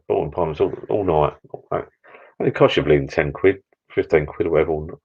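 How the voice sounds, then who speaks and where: A man's voice: rumbling low, quick pace, a little mellow, slightly rough, muffled recording. An older man hosting a live stream from his backyard bar, chatting in a rambling, sentimental way. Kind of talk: casual chat. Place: backyard garden bar shed.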